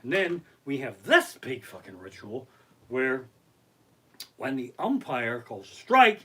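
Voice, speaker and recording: Profane, animated man ranting. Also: medium pitch, slow pace, breathy edge. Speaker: comedian. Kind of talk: live-streamed stand-up rant. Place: his living room.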